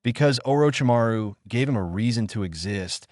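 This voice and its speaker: A man voicing a calm young female sand fighter in a monotone. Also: mid-range voice, normal speed, dry recording, clean studio sound, close to an everyday voice. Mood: earnest.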